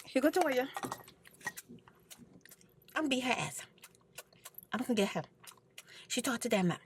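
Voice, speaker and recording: An older woman, a grandmother and ASMR creator, telling a rambling story with animated, repetitive complaints, acting out the dialogue. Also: fairly high pitch, a little slow, a little hiss or hum.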